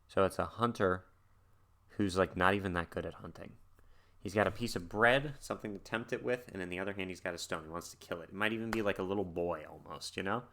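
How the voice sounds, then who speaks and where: A man's voice: sits low, fast, gravelly, bright, forceful tone. A man hosting a music reaction video, thinking aloud in a rambling, casual way with many fillers. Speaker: music reaction channel host.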